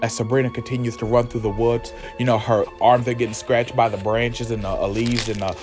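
Dramatic, chatty male storyteller. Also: mid-range voice. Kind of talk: casual storytelling recap.

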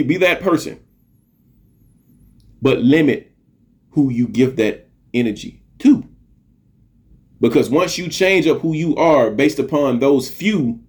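A man's voice: medium pitch, darkish tone. A middle-aged man hosting a podcast, giving an earnest, preachy motivational monologue, repeating phrases for emphasis and swearing casually. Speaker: podcast host.

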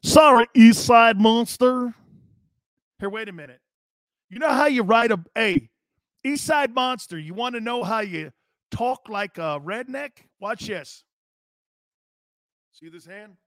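Brash high-voiced sports talk host, a man. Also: measured pace, pauses often, no echo, studio quality. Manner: brash, animated, talks straight to viewers. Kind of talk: casual sports talk rant.

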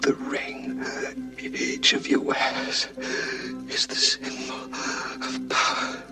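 A man putting on a creepy dying old man, gurgling and breathy, whispering in a flat, slow drawl. The voice sounds roomy and far off, with loud music behind it. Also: medium pitch, pitched below the performer's own voice, exaggerated voice. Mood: ominous.

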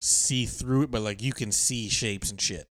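Podcast co-host, man, low voice, deadpan and teasing, dry close-mic sound. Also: moderate pace, no echo. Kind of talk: casual crude chat.

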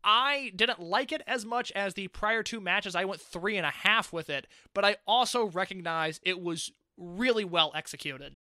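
A man's voice: high-pitched, moderate pace, few pauses, pushed and bright, dry recording, clean studio sound. A man co-hosting a casual wrestling review podcast, opinionated and wry. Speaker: podcast co-host.

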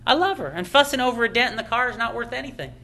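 A man's voice: extremely high pitch, lively intonation, racing, creaky, pushed and bright. A middle-aged man preaching a sermon as pastor, emphatic, with frequent amens and chuckles.

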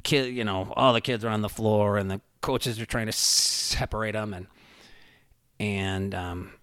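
A man's voice: on the low side, steady tone, unhurried, fairly bright tone, clear, resonant tone, dry recording, clean studio sound. A man telling a story in casual podcast chat, rambling with many fillers and swearing freely.

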